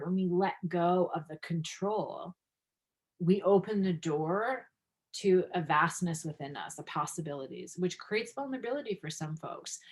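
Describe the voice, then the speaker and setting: A woman guest coach talking in a podcast interview, earnest and filler-heavy, livening up when she tells stories about her classes. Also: mid-range voice. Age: adult, practicing five years. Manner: earnest, many fillers, lively when telling anecdotes.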